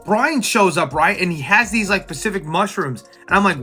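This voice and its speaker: A young man casually recapping a comic, excited and slangy, acting out the scenes. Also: sits high, normal speed, few pauses, husky, faint music behind. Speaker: comic book reviewer.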